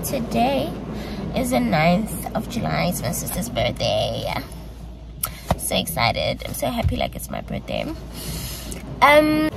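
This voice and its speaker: A young woman, chatting excitedly to her viewers in a casual vlog from inside her car. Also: on the high side, creaky. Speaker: vlogger. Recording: loud car and car wash noise.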